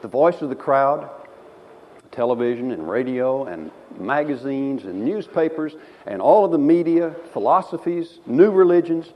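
Animated male preacher in a big hall. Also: mid-range voice, normal speed, slight background noise. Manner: animated storytelling, acting out voices. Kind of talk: sermon. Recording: dull sound in a reverberant hall.

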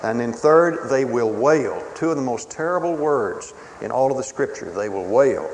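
A man preaching a sermon in a dramatic, emphatic way, swinging between booming declarations and hushed pleas. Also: lively intonation, normal speed. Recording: reverberant hall with faint ambient noise.

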